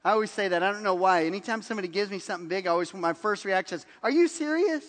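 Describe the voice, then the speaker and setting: The pastor's voice sits high and races along in a large hall as he preaches. He tells stories animatedly, playing out the lines of the people in them with laughter.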